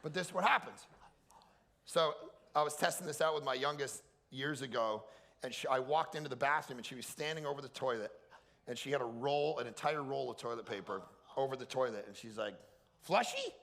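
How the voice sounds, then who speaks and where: A middle-aged man, a pastor, giving an energetic, joking sermon and acting out funny quotes in a higher voice. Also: brisk, creaky. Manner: animated, jokey storyteller acting out quotes in a high voice. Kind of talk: energetic comic preaching. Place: large hall at a camp.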